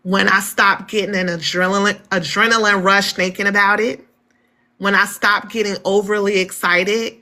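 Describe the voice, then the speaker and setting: A woman in a casual spiritual discussion, speaking in a candid, animated way and often laughing. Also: medium pitch.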